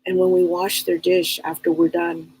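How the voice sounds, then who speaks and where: A woman's voice: fairly low pitch, flat delivery, normal speed, a little mellow, husky, low-quality recording. A woman hosting a live broadcast as a psychic medium, talking earnestly in a casual, rambling way and often repeating and restarting her words.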